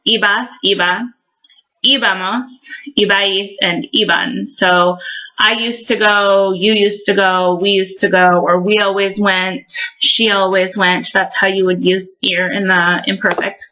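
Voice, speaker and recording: A woman's voice: mid-range voice, flat delivery, a little slow, pushed and bright, highs cut off. A woman explaining verb endings in a recorded language lesson, friendly and patient, with frequent ums. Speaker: Spanish teacher.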